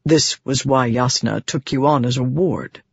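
A narrator voicing a stern older male general who speaks quietly and gravely in an audiobook. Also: medium pitch, unhurried, dry recording, lo-fi sound, pitched below the performer's own voice. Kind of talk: audiobook character voice.

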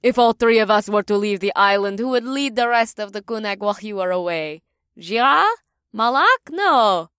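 A composed woman leader who speaks in a dry, matter-of-fact way with a scoffing edge, as a male narrator puts her on. Her voice sits well above a man's usual pitch and sounds smooth and clear. It is a close, dry storybook reading. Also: expressive, normal speed, bright, forceful tone, no room sound. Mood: reasoning.

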